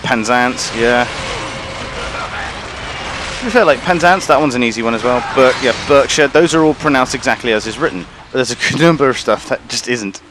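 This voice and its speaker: A man's voice: medium pitch, brisk, background noise. A man streaming a game in casual chat, rambling and swearing casually.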